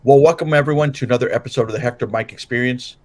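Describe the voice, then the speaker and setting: Tired after a late night, a Southern California man co-hosts a political podcast, rambling loosely with many restarts and fillers in casual chat. His voice is medium-pitched and he talks at a racing pace.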